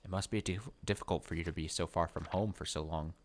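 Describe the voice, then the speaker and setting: Guy reading a polite young woman artist, low plain voice, faint hiss. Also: steady tone, quick pace, lightly acted.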